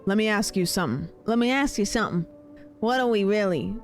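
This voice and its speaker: A woman's voice: medium pitch, expressive, fairly quick, slight background noise, lightly acted. A woman voicing a ruthless male pack leader in a game, preaching in a shaky attempted British accent. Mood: preachy.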